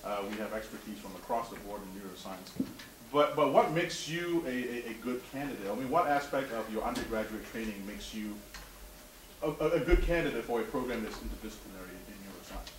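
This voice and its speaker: A man's voice: on the low side, lively intonation, fairly quick. A man running a mock interview at a seminar, often stammering and repeating words while he asks questions. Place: seminar room. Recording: roomy, distant, noisy room recording.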